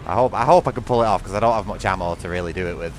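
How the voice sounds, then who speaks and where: A man with a British accent giving excitable live gameplay commentary, swearing often and talking straight to his viewers. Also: sits low, racing, background noise. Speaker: gaming streamer.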